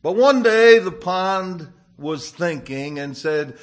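A man preaching a sermon, telling a fable in a gentle storytelling manner before applying it to scripture. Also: high-pitched, lively intonation, slow, hardly any pauses.

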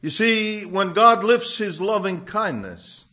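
A man preaching a sermon, telling a fable in a gentle storytelling manner before applying it to scripture. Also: high voice, expressive, slow.

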